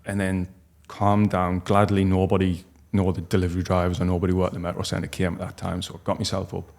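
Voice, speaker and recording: A man, telling a personal story as a podcast guest in a halting, heartfelt way with many restarts. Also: sits low, completely flat delivery, creaky, darkish tone. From North East England. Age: 40s.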